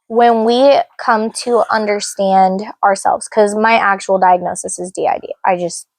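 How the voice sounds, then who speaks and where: A woman with a gravelly, creaky edge to her voice tells stories in a lively, frank way and reflects openly on herself. Her pitch sits in an ordinary middle range. She co-hosts an unscripted conversation podcast, recorded close and dry. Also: measured pace, no room sound. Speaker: podcast co-host.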